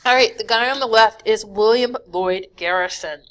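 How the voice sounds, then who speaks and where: A woman teacher giving a recorded history lecture over slides, talking casually with many fillers and quick self-corrections. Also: fairly high pitch, fairly bright tone, slight background noise. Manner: casual, many "um"s, corrects her own slips. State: yawning, sleepy.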